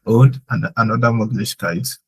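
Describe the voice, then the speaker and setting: A man teaches German in a live online class. His voice sits a bit low, with a gravelly, husky grain. He explains sentence order patiently and leans on "like" as he thinks aloud. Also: steady tone, normal speed, poor audio. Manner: explains with many "like" fillers.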